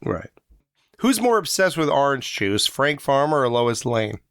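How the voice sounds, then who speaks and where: A man co-hosting a casual movie review podcast, animated and acting out lines from the film. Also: medium pitch, a little slow, clean tone. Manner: animated, acts out movie lines in quoted voices. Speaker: podcast co-host.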